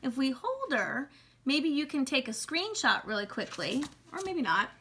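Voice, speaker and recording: A woman teaching a casual online drawing lesson from a home basement studio, talking in a chatty, upbeat way and sometimes softening to a gentle coo. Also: high-pitched, sing-song, moderate pace, a little hiss or hum. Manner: chatty and upbeat, drops to a soft coo when speaking to the animal. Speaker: art teacher.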